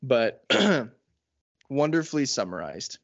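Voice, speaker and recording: A man's voice: medium pitch, big pitch swings, slow, no room sound. A man co-hosting a podcast in casual, teasing chat. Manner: joking, teasing, does mock ads. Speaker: podcast co-host. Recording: dry, dull lo-fi podcast audio.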